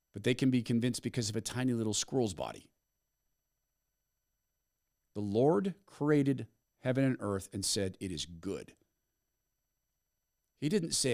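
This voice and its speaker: A man hosting a commentary podcast, retelling a story with a dramatic, storytelling delivery. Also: mid-range voice. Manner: storytelling, dramatic pauses, animated. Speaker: podcast host. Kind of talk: commentary monologue.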